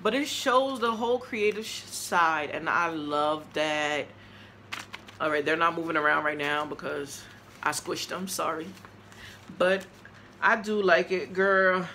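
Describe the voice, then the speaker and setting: A chatty woman with a New York accent talks to her viewers while opening mail, gushing over each card. Her voice is bright and forward. A faint background hum sits under it. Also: deep voice, unhurried. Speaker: vlogger. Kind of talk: casual mail-opening vlog.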